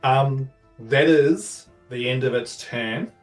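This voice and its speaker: A man's voice: medium pitch, takes it slowly, echoey room. A man narrating as dungeon master of a tabletop game, describing the action loosely with many fillers. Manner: loose, rambling descriptions full of filler words. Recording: somewhat distant mic with faint music.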